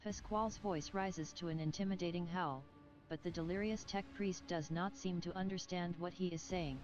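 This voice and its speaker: In this game clip, a woman delivers solemn, measured scripted narration with a lowish voice and fairly even intonation. The game audio sounds slightly muffled, and faint music plays underneath.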